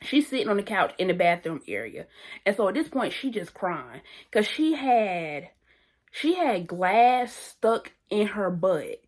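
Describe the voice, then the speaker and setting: A woman's voice: mid-range voice, a little slow. Chatty young woman telling a story. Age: young adult. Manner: animated, slangy, repeats phrases. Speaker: vlogger. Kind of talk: casual storytime.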